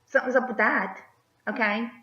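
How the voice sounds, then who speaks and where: Woman, political vlogger, emphatic rant, rhetorical questions, high voice, dull lo-fi sound. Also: fairly even intonation, moderate pace, bright, forceful tone. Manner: emphatic, rhetorical, repeats "okay?". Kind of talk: opinion rant to camera. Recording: echoey, slightly dull.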